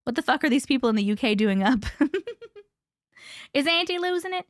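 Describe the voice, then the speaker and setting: A woman's voice: high voice, lively intonation, normal speed, dry recording, clean studio sound. A woman hosting a casual live stream, chatting with viewers in a playful way, laughing often and now and then coughing. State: coughing, needs a cough drop. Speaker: livestream host reading viewer stories.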